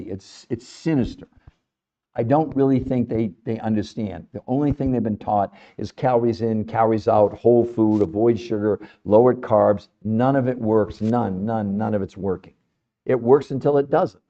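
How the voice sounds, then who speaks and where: Animated, emphatic man on a podcast. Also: fairly low pitch, highs cut off. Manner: animated, emphatic, fond of rhetorical questions. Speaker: podcast host. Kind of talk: impassioned health talk to an audience.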